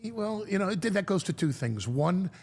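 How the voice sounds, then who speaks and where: A man talking as a guest, telling a story in a lively way, acting out quotes and often restarting his sentences. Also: high-pitched, slightly rough. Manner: animated storyteller, acts out quotes, halting restarts. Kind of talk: storytelling chat.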